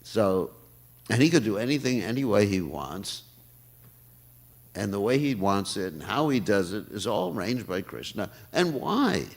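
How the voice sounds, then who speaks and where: An older man gives a morning class in a low, gravelly voice. He talks in a lively, swinging way, laughing often as he explains. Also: measured pace. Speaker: temple class speaker. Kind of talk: sermon. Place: temple hall.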